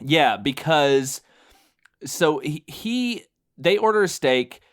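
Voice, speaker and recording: A man's voice: on the high side, lively intonation, takes it slowly, a bit bright. A man co-hosting a podcast, recapping a film in casual chat with lots of fillers and restarts, often laughing as he talks. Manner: amused, laughs while talking. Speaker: podcast co-host.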